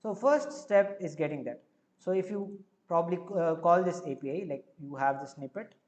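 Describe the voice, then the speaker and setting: On a live coding stream, a man with an Indian accent narrates each step while filling pauses with frequent fillers. His voice is fairly high with a somewhat dark tone, and his intonation is lively.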